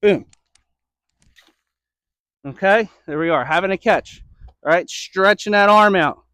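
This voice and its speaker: A man's voice: high-pitched, moderate pace, bright, forceful tone, dry recording, studio quality. A man coaching baseball throwing drills, checking in often with "okay?" and a little out of breath. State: slightly out of breath. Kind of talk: instructional demo.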